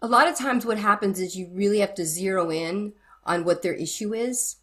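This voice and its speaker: A woman's voice: mid-range voice, normal speed. A middle-aged woman, a guest who counsels wives, speaking frankly and earnestly in a candid interview. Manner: earnest and frank, retells conversations with animated quoting.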